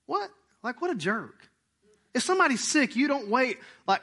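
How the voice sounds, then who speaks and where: Animated preacher with twang. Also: male voice, very high voice, brisk. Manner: lively, conversational preaching with sudden loud emphatic bursts; leads the congregation in breathing exercises. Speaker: pastor. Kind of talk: sermon.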